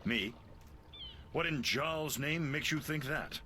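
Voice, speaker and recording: An actor voicing a gruff, sarcastic male sea captain in a video game, drawing out his mocking questions. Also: on the high side, takes it slowly, pushed and bright, slight background noise.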